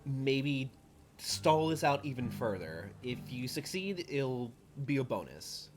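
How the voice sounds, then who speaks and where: A man's voice: mid-range voice, slow pace, music in the background. A man running a tabletop role-playing game as game master, narrating and joking with swearing and frequent laughter. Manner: animated, swearing, laughing often.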